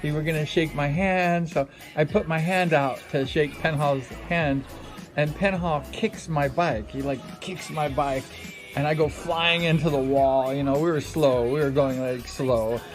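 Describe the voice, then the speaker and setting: A middle-aged man casually telling a story, rambling with many fillers and acting out quotes with sudden high exclamations. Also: fairly even intonation, unhurried, soft background music. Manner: rambling, frequent "you know, like" fillers. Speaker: livestream host telling a racing story.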